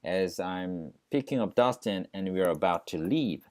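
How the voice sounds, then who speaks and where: A man with a Korean accent teaching English, echoing English lines slowly and then explaining them quickly in Korean. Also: low-pitched, expressive, a little mellow. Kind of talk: language lesson, repeating and explaining phrases.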